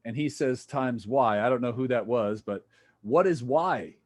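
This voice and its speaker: A man's voice: mid-range voice, a little slow, darkish tone. A man lecturing a physics class, casual and jokey, thinking aloud as he works through problems with students. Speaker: physics instructor.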